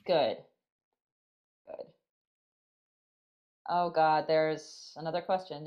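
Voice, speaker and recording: A woman hosting a podcast, teasing her co-hosts with quick laughs and the odd swear word. Her voice rises and falls in wide swings. She talks loosely and playfully. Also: medium pitch, big pitch swings, dull audio. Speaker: podcast host. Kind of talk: casual podcast banter.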